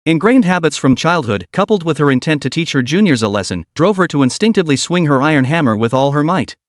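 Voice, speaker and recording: Lively dramatic male story narrator. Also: on the high side, quick pace, no room sound, studio quality.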